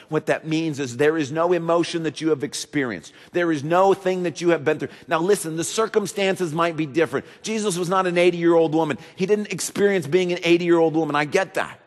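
A man's voice: a little high, fairly quick, few pauses. Man preaching in a reverberant church hall. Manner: preaching with rising emphasis, then dropping to a hushed, intimate tone. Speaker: pastor. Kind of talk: sermon.

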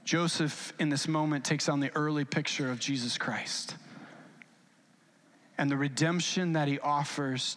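High-voiced male pastor preaching earnestly. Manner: earnest, acts out biblical quotes in lively voices; conversational, speaks with occasional stammered restarts. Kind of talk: sermon.

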